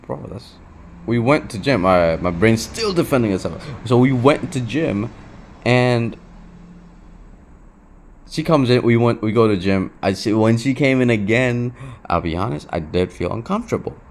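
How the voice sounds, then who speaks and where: Gravelly young man venting to camera. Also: medium pitch, animated, moderate pace, a little hiss or hum. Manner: restless and emotional, swearing, repeating himself, saying "bro". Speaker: vlogger. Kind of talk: confessional talk to camera.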